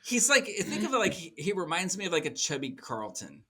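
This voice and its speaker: Bright-voiced chatty male podcast host. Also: high voice, big pitch swings, fairly quick, breathy edge. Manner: chatty, laughing, rambling with restarts. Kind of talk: casual chat.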